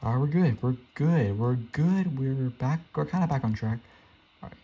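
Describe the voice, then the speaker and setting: A man's voice: medium pitch, lively intonation, normal speed, warm tone, husky. Young man rambling through a frustrating game. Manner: rambling, frustrated, self-talking. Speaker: gaming streamer. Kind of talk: casual gameplay commentary. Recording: dull lo-fi mic with faint hiss.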